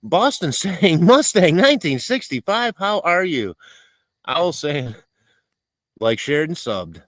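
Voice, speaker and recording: Middle-aged guy streaming live, cooking n reading chat out loud, bouncy pitch, close dry mic. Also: big pitch swings, takes it slowly, dry recording. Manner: chatty, reads viewer comments aloud, laughs often.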